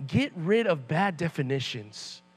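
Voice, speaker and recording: A young man, a youth pastor, preaching a sermon in church as a casual, animated story with loose slang. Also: a little high, a little slow, slightly rough.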